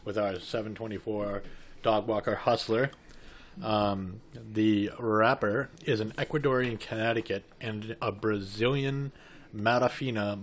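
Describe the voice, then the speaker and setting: A man in a casual chat, playful and enthusiastic. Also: fairly low pitch.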